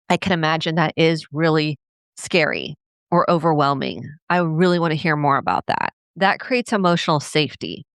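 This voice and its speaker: A woman's voice: moderate pace, a bit bright, clean tone, no echo, clean studio sound. A middle-aged woman, a family therapist, hosting a solo podcast and talking earnestly and reflectively about family life. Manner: earnest, reflective, acts out quoted parents in a higher voice.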